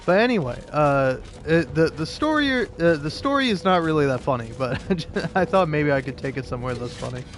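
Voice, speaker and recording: A man's voice: fairly high pitch, expressive, a little fast, few pauses. Rambling young man swearing over game music. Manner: rambling, self-interrupting, laughs often, swears. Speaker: gaming video creator. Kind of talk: casual storytelling while playing a game.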